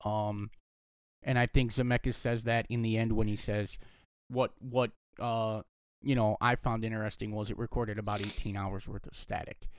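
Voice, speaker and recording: A man co-hosting a podcast, talking through a film in a hushed, thoughtful, opinionated way. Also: fairly low pitch, level tone, moderate pace, clean tone, no echo. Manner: speaking quietly, holding back his voice. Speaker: podcast co-host. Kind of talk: casual film discussion.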